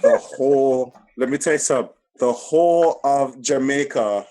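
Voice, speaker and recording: A young man hosting a casual podcast chat, emphatic and animated, repeating himself for weight. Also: medium pitch, normal speed. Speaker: podcast host.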